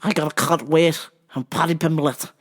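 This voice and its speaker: A man's voice: steady tone, moderate pace, lightly acted. A man putting on a Liverpool accent to play a brash young male cage fighter, boisterous and cocky. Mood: rowdy. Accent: attempted Liverpool. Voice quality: loud, much higher than his own voice.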